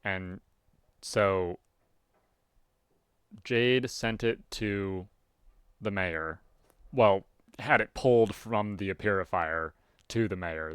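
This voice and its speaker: A man reading a webcomic aloud and chatting about it casually, with sudden loud, animated outbursts. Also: deep voice, clean tone, dry recording, studio quality. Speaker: webcomic reader. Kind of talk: casual read-aloud with commentary.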